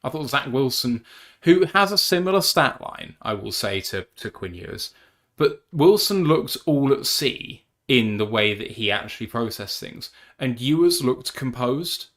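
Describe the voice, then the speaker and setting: A man's voice: mid-range voice, lively intonation, a little slow, a bit bright. A British man hosting a casual live-stream sports chat, emphatic and opinionated. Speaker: podcast host.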